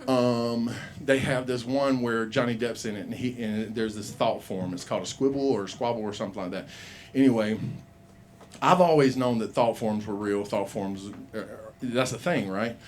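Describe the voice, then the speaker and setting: A man's voice: medium pitch, normal speed. A middle-aged man doing open mic stand-up, rambling and profane, laughing at his own jokes in a small comedy bar.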